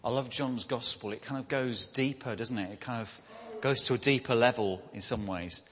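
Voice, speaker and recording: A man's voice: mid-range voice, normal speed, a bit bright, big-room sound, a little hiss or hum. A man preaching a sermon in a conversational way, often ending points with tag questions.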